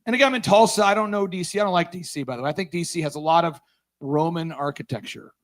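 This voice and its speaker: Animated man telling a story on stage. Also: on the high side, fast talker. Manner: animated, acts out quoted dialogue. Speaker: conference speaker. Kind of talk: storytelling talk.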